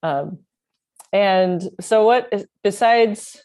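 A woman's voice: mid-range voice, very slow, darkish tone. A woman hosting an interview, chatting casually and encouraging her guest with frequent backchannels. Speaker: podcast host.

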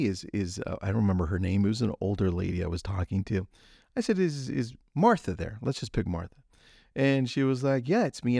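A man's voice: mid-range voice, vocal fry, darkish tone, dry recording, studio quality. A man hosting a solo podcast, telling a story in an upbeat way with frequent restarts. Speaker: podcast host.

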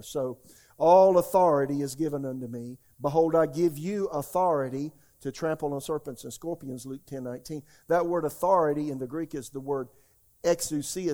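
A man's voice: mid-range voice, warm tone. A man preaching a sermon, emphatic and often calling out to the congregation. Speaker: pastor.

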